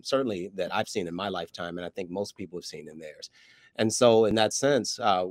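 A male professor with a fairly low voice speaks earnestly and reflectively as an interview guest. The sound is dry and close. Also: no echo. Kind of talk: radio interview answers.

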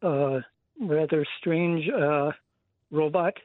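A man calls a radio show and speaks slowly and haltingly, searching for words as he goes. His voice is a bit high for a man. He comes through a tinny, dry phone line. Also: no room sound. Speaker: caller. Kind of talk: casual phone-in chat.

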